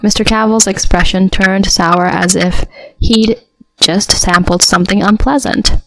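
A woman narrating a first-person story in an even, steady voice. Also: mid-range voice, measured pace, dry recording, faint music behind.

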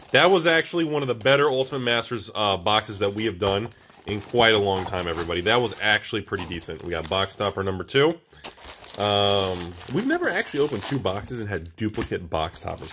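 A man hosting a casual card-unboxing video, talking to viewers as he opens packs, excitable and repeating himself. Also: fairly low pitch, a little fast, slight background noise. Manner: excitable, repeats words, often addresses viewers as everybody. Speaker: channel host opening card packs.

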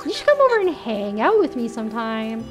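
A woman's voice: a little high, huge pitch swings, brisk, music in the background. A woman voicing an easygoing young male lynx in a cozy game, in a friendly, casual way.

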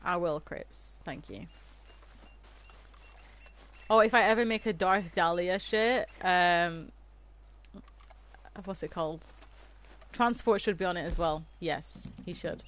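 A woman's voice: lowish voice, slow pace, pauses often, a bit bright. A woman streaming a game from her room, chatting and giggling with her viewers. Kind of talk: casual livestream chat while playing. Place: her own room at home.

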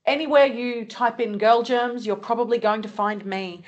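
A woman's voice: a little high, steady tone, normal speed, dull audio. A woman co-hosting an online community call, chatting in a casual, upbeat way. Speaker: co-host of a community video call. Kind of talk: casual online meeting chat. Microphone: video call.

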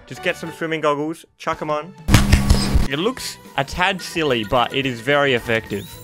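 A young man giving excitable live gameplay commentary, laughing often and shouting at big moments. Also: a little high, normal speed, over music. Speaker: gaming YouTuber.

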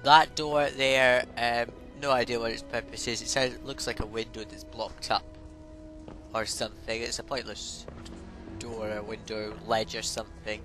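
A man's voice: medium pitch, level tone, moderate pace, low-quality recording. A man casually rambling through game commentary, offhand and prone to swearing. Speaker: gaming let's play host. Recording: voice over game music.

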